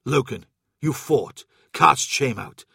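A man voicing a fatherly supreme male war lord who speaks softly and slowly. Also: medium pitch, lively intonation, vocal fry, breathy edge, dry recording, clean studio sound, exaggerated voice. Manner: soft, slow and measured.

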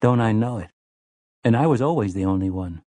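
A man voicing a curious, eager young farm boy, asking soft, eager questions. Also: lowish voice, lively intonation, fairly quick, no echo, natural voice. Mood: earnest.

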